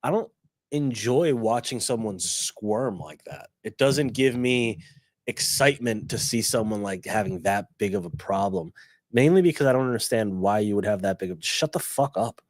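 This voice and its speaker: A man's voice: on the low side, expressive, moderate pace, no echo. A man co-hosting a podcast who complains bluntly and with some exasperation, swearing freely. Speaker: podcast co-host. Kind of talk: casual chat.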